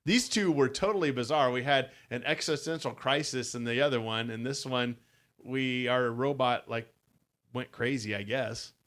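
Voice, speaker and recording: Male co-host, mid pitch, relaxed reader, casual podcast tone. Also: normal speed. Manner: easygoing, chuckling. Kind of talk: casual chat and reading aloud from a story book.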